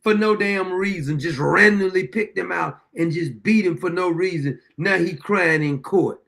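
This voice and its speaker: A man's voice: high voice, normal speed, vocal fry, fairly bright tone. A man hosting a show, reacting to a courtroom video in a blunt, profane, indignant way, rambling with restarts. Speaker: show host.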